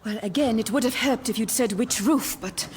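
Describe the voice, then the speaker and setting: A breathy, overblown Swedish sweetheart in a radio sitcom, as an actress plays her, her voice sitting a little high. Her gushing keeps wandering off course. The radio play carries a clear layer of background noise. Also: moderate pace, a little mellow, lightly acted. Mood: melodramatic. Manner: breathy, melodramatic, rambling romance. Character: Swedish woman, a man's long-lost love.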